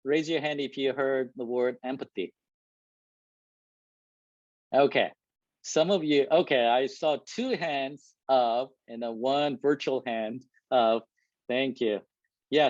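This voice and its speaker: A man who speaks English as a second language, giving a lively, loud talk to a live and online audience, laughing often and asking the room "right?". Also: mid-range voice, no echo. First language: not English. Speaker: guest speaker. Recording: dull lo-fi recording.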